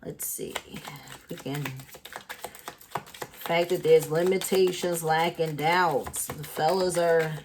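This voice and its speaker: A woman's voice: low-pitched, fairly even intonation, slow pace, background noise. A woman doing a casual tarot reading for her channel, chatty and thinking aloud with lots of fillers. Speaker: tarot reader.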